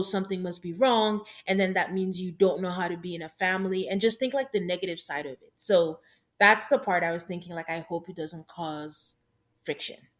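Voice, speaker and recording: A woman co-hosting a podcast, chatting casually through a reality-show recap and laughing often. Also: on the low side. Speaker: podcast co-host.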